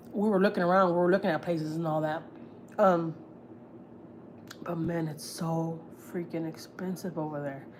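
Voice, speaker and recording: Casting note: woman, lower pitch, candid storyteller, swears, faint background hum. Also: darkish tone. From United States. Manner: candid, storytelling, swears freely, acts out quotes. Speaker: family vlogger on a livestream. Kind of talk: casual gossip livestream. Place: home.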